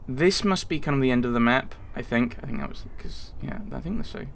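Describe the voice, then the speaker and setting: A man's voice: medium pitch, animated, a little fast, vocal fry, slight background noise. A man hosting a let's play, thinking aloud and rambling through casual game commentary.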